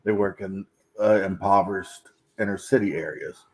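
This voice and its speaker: Relaxed man telling a casual anecdote. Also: low-pitched, moderate pace. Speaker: podcast guest. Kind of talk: casual chat.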